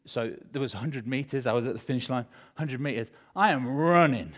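A middle-aged male pastor preaching a sermon, telling a personal story with animated emotion, swinging between loud and hushed. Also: medium pitch, brisk, a little hiss or hum.

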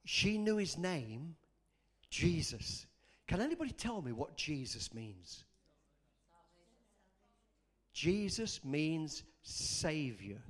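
A man's voice: fairly high pitch, very animated, takes it slowly, pauses often. A man preaching a sermon, leading call-and-response and telling personal stories. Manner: impassioned, call-and-response, storytelling. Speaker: pastor.

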